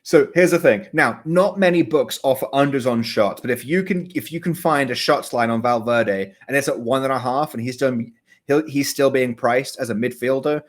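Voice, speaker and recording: A man with a medium-pitched voice and moderate pace co-hosts a relaxed podcast conversation on soccer betting. Often laughing, he wanders and revises what he's saying mid-sentence.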